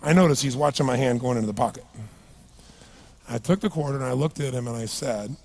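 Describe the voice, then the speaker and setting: A middle-aged man and seminar speaker, telling a personal story to a live audience in an animated, conversational way and asking them questions. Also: medium pitch, fast talker.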